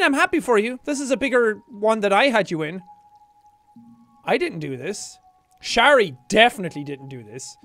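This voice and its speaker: A man giving a jokey, animated let's play commentary, swearing and talking to himself as he plays. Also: high voice, measured pace, pauses often, dry recording, faint music behind. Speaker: gaming streamer.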